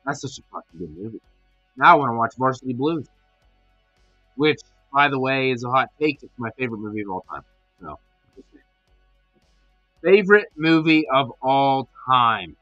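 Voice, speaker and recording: A man hosting a horror podcast in casual live-stream chat, rambling and excitedly answering messages from viewers. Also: mid-range voice, no echo, dull audio.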